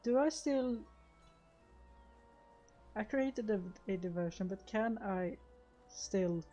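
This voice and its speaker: A woman streamer thinking aloud while she plays, chatty and a little unsure of herself. Her voice is warm and mellow. Soft game music sits in the background. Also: medium pitch, takes it slowly, highs cut off. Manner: chatty, self-deprecating, hesitant. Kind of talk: casual game commentary.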